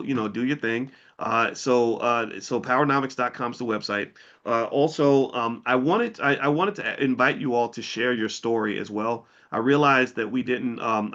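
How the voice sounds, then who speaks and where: Bright-voiced man preaching over a dull line. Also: medium pitch. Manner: preachy, repetitive, heated and profane at times. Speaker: finance educator. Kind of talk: livestream talk.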